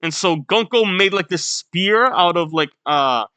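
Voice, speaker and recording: Man, manga read-along reaction, blunt and swearing, bright voice, dry sound. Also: high-pitched, animated, a little slow, clear, resonant tone, no echo. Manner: reads panels aloud, blunt, swears, laughs at the story.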